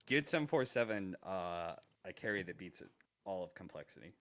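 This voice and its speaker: Deep, laid-back male esports co-caster. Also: lively intonation, fairly quick, fairly bright tone. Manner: laid-back, hesitant, many fillers. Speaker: guest esports commentator. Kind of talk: casual live game commentary.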